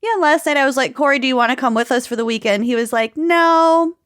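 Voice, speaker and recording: A woman's voice: fairly high pitch, rapid-fire, fairly bright tone, clean tone. A woman in her thirties co-hosting a podcast, chatting casually and laughing often. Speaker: podcast co-host. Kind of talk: casual chat.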